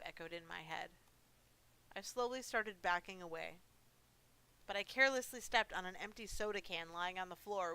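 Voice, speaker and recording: A woman's voice: on the low side, normal speed, vocal fry, bright, forceful tone, clean tone. A woman streaming a horror game, reading its story dramatically and breaking off for cheeky, giggly commentary. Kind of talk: reading game story aloud with playful asides.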